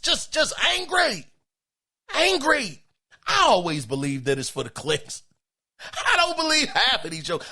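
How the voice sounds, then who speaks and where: Middle-aged guy hosting a podcast, loud and emphatic, voice swings all over, bright edgy tone. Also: high voice. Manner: animated, emphatic, exclaiming. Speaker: podcast host reading listener emails. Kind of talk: casual podcast commentary.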